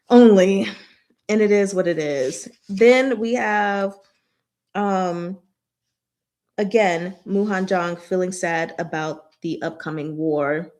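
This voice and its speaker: A woman hosting a casual book discussion, animated and exclaiming, often breaking into laughter. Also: mid-range voice, takes it slowly. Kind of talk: casual chat.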